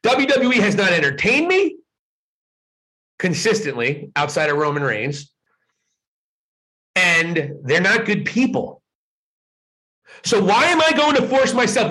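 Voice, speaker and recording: A man hosting a live show as a fired-up, agitated solo rant, swearing and often shouting. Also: high-pitched, rough recording. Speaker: wrestling commentary host.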